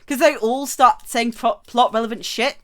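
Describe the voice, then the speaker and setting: A woman streamer commentating live on a game, excitable, swearing freely and laughing often. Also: on the high side, moderate pace.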